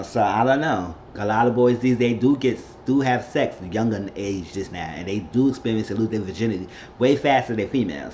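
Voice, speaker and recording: A man's voice: fairly low pitch, darkish tone, slight background noise. Man rambling through a show recap. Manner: rambling storyteller, acts out quotes. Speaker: reality TV recap host. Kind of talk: casual recap vlog. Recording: slightly dull lo-fi audio.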